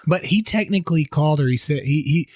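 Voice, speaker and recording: A man co-hosting a relaxed sports podcast, recounting ads with lively impressions and chuckles. His voice sits a little high. The sound is dry and close, with no room echo. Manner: animated retelling of ad scenes with quick voice impressions and laughs. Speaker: podcast co-host. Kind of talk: casual chat.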